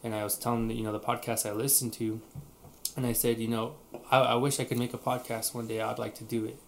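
A man co-hosting a relaxed podcast, telling a story in loose, rambling sentences that he often restarts. His voice sits at a middle pitch. A faint noise hums under the recording. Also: fast, creaky. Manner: rambling, frequent restarts and fillers. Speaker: podcast co-host. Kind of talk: casual chat.

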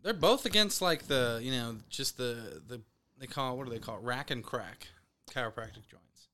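A man's voice: mid-range voice, normal speed, bright, forceful tone, slight background noise. A man co-hosting a podcast, chatting loosely and stoned, rambling with lots of fillers, swearing and laughter. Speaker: podcast co-host. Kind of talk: casual chat.

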